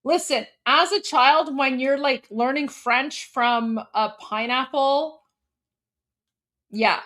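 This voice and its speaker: Canadian-raised woman in her 40s, chatty stream host, giggles a lot, slightly high voice. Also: takes it slowly, a bit bright. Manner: chatty and giggly, lots of "like" fillers. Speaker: livestream host. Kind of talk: casual live commentary.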